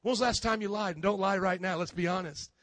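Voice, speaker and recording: A man's voice: high-pitched, steady tone, quick pace, a bit bright, no room sound. A man who is a pastor, preaching a sermon with emphatic rhetorical questions and acted-out scenes.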